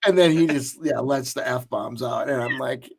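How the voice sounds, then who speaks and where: This podcast co-host has a medium-pitched, creaky, husky voice and keeps a moderate pace. His long story wanders through casual conversation, broken up by frequent restarts and filler words.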